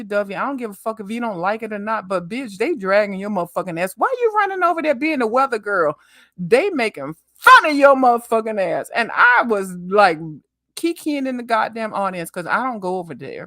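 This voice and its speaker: Foul-mouthed ranting woman, lively pitch. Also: brisk, no echo, clean studio sound. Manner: loud, cussing, animated ranting. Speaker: YouTuber guest on a live panel. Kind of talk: profane livestream panel chat.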